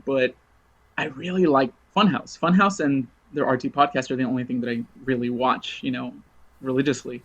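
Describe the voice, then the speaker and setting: A man's voice: medium pitch, moderate pace. Rambling, laughing man on a dull line. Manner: rambling storyteller, laughs often, lively retold quotes. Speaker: podcast guest. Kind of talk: casual chat.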